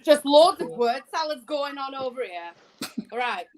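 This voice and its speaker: A woman's voice: sits high, lively intonation, moderate pace, a little hiss or hum. A woman teasing others on a live panel, giggling and putting on mock-courtroom drama. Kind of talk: casual banter on a live panel.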